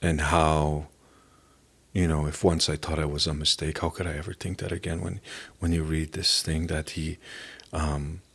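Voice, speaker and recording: A middle-aged man from Canada giving an earnest, halting personal testimony as a podcast guest. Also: extremely low pitch, level tone, gravelly, a bit bright, husky. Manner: earnest, halting, emotional at times.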